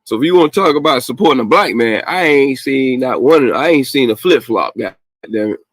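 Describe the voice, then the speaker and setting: A man's voice: mid-range voice, normal speed, no echo. Profane ranting man, dry close sound. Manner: profane, animated ranting with laughs. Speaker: call-in show host. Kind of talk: casual late-night call-in rant.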